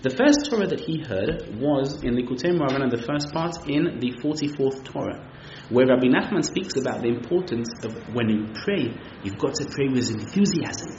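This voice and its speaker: A man's voice: mid-range voice, animated, moderate pace, hardly any pauses, darkish tone, slight background noise. A man teaching as a rabbi, giving an emphatic sermon with storytelling and many Yiddish and Hebrew terms. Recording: echoey, slightly muffled room recording.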